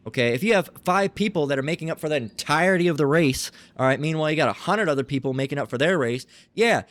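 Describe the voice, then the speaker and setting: A man's voice: a little high, no echo. Combative man with a dry close sound. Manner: combative, repeats himself, keeps asking "all right?"; swears freely. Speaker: online commentator reading comments and scripture. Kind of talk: heated commentary and bible reading.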